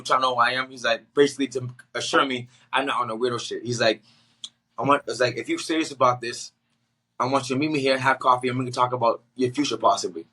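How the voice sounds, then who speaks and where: A young man from the Boston area, a guest on a podcast, telling his story in a casual, animated way, acting out the people he quotes and mixing in slang. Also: medium pitch. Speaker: guest, actor.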